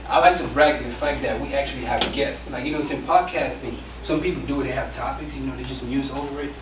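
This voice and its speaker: A young man hosting a live podcast event, chatting loosely and full of filler phrases. He sounds far from the mic, with a roomy echo and steady background noise around him. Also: mid-range voice, quick pace. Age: young adult. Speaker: podcast co-host. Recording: echoey room, far from mic, noisy.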